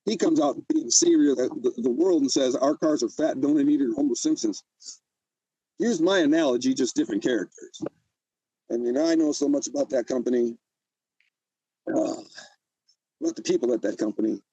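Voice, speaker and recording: A man's voice: mid-range voice, moderate pace, long pauses, warm tone, breathy edge, dry recording, rough recording. An older man telling his own story in an emotional interview, agitated and often repeating himself. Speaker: interview guest.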